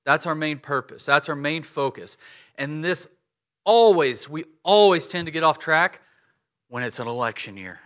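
A man in his forties preaching a sermon, telling a personal story with lively acted-out quotes. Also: moderate pace. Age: 40s. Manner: animated storytelling, acts out quotes with big swings in pitch and volume. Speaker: pastor.

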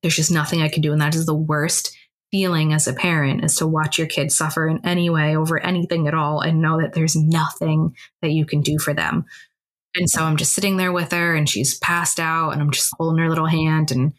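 In a low voice with flat delivery, a podcast co-host recounts a personal story. Her telling is quick, casual, and conversational, packed with fillers like "like."

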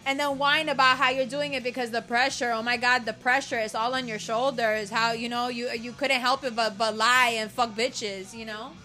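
A woman plays an enraged lover leaving a voice note, cursing at every turn and dripping with sarcasm. The voice is bright and forceful, and sits a little high. Soft music plays behind her. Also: steady tone, moderate pace, few pauses. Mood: furious. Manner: profane, cutting, sarcastic. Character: furious woman ranting at a cheating lover. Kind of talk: acted voice-note rant.

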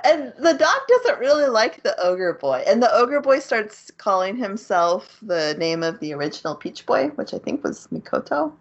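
A woman's voice: medium pitch, big pitch swings, moderate pace, hardly any pauses, lo-fi sound. A woman co-hosting a casual podcast, retelling an anime plot and laughing often as she goes. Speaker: podcast co-host. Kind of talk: casual anime recap chat.

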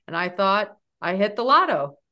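A woman in her forties, a guest on an interview podcast, telling stories in an animated, lively way. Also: medium pitch, moderate pace. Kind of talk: storytelling in an interview.

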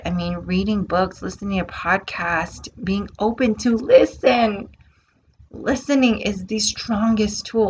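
A woman's voice: mid-range voice, a little hiss or hum, rough recording. A woman hosting her own podcast, talking earnestly in a reflective, spiritual self-help monologue and repeating words for emphasis. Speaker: podcast host.

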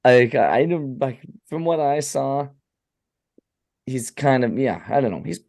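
A man's voice: mid-range voice, lively intonation, a little mellow. A man co-hosting a podcast, recapping a horror film in a loose, crude, joking way and briefly acting out the characters' lines. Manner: loose, crude storytelling with quick acted-out quotes. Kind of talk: casual profane film recap.

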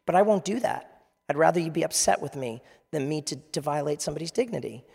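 A man's voice: fairly high pitch, lively intonation, quick pace, creaky, darkish tone, husky. A man preaching a conversational sermon as pastor, asking the audience questions. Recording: long reverb of a large hall.

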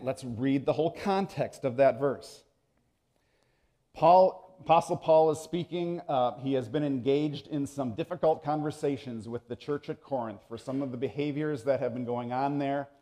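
A man's voice: mid-range voice, warm tone. A man preaching a sermon as pastor, emphatic and repeating phrases for stress.

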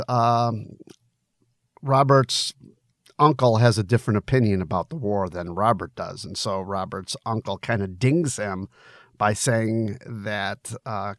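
A man's voice: lowish voice, no echo, studio quality. A man reading his own novel aloud, then chatting casually about it with many hesitations and fillers. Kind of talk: audiobook narration then casual commentary.

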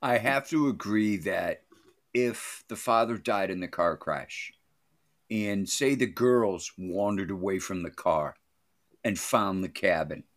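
Low-voiced man, calm podcast guest. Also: takes it slowly. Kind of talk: casual movie review chat.

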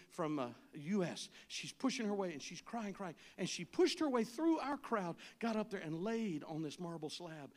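A man preaching a sermon as pastor, telling a travel story and rising to shouted, pleading appeals. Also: high-pitched.

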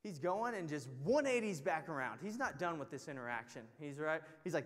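A man's voice: fairly high pitch, sing-song, fairly quick. A young man teaching a Bible study, telling a story in a casual, self-mocking way full of filler words. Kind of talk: storytelling sermon. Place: teaching to a group in a large room. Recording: long hall reverb.

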